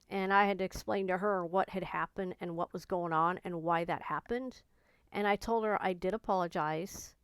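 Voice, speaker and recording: A woman's voice: lowish voice, smooth, no room sound, rough recording. A woman talking candidly and earnestly in a personal vlog, reflecting on her own reactions and on learning to be patient with herself. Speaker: vlogger.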